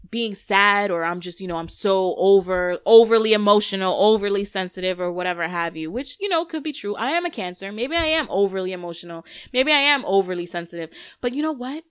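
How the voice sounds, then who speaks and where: A woman's voice: mid-range voice, clean tone, no room sound, clean studio sound. A woman in her thirties hosting a podcast, telling a story in casual, candid chat, cursing freely. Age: 30s. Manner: candid, profane, animated storytelling. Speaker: podcast host.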